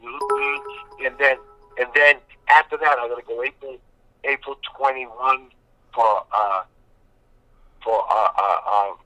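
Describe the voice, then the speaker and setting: A man's voice: mid-range voice, fairly even intonation, unhurried, long pauses, sharp tone, no room sound, poor audio. A man, a guest in a casual interview, telling long rambling stories with lots of emphatic repetition. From Boston. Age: 50s.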